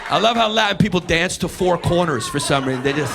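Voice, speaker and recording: A man's voice: sits high, animated, fast talker, vocal fry. A man doing a brash, profane stand-up comedy set on a club stage, riffing on a handheld mic. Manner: brash, profane, riffing, mock-foreign gibberish bits. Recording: live club recording, loud crowd laughter and noise. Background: audience laughter.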